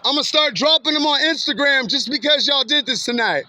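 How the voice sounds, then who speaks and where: A man's voice: extremely high pitch, brisk, sharp tone. A man filming outdoors by a road at night, taunting passing drivers in a mocking, swearing street monologue with frequent laughs. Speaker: vlogger filming passing cars. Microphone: handheld camera or phone. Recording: dull lo-fi phone audio with faint street noise.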